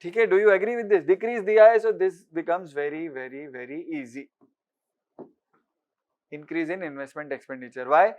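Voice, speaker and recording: A man giving an exam-prep lecture, briskly quizzing listeners with repeated rhetorical questions and mixing with Hindi. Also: a little high, a little mellow. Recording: dull lo-fi recording.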